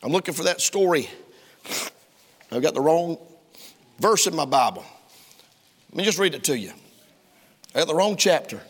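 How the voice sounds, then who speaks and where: A male pastor preaching a sermon in a church, folksy and emphatic, climbing to loud heated preaching. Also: fairly high pitch, lively intonation, normal speed, long pauses, breathy edge. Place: church sanctuary. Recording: long reverb of a church hall.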